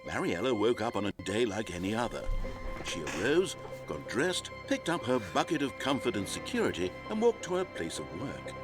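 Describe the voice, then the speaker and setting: A man's voice: medium pitch, sing-song, normal speed, music in the background, close to an everyday voice. A man narrating a video game story in a dry, wry, scripted manner.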